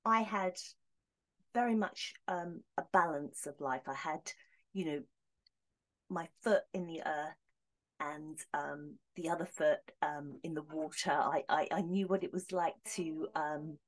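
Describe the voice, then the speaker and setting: A woman voicing a late male music legend who speaks calmly and forgivingly from heaven, unbothered by insults. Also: sits low, measured pace.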